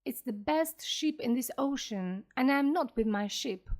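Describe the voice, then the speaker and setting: A woman voicing a fierce old one-legged male sea captain in a storybook reading, barking slow, emphatic commands. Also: sits high, animated, a little mellow. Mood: grave.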